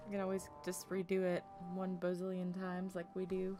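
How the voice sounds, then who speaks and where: A woman from Oklahoma streaming a game, chatting casually with her viewers, laughing often and talking earnestly about her feelings. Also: on the low side. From Tulsa, Oklahoma.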